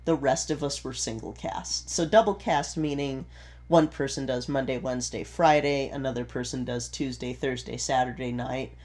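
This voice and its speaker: A man's voice: medium pitch, steady tone, moderate pace, a little mellow. A man co-hosting a casual podcast, explaining theatre with an easygoing, chatty manner and frequent ums and restarts. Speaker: podcast co-host, theatre performer. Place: home recording setup in Utah.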